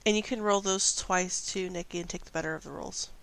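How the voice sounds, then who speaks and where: A woman acting as game master in a tabletop game, upbeat and quick to laugh, with lots of okays. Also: fairly low pitch, steady tone, vocal fry, background noise.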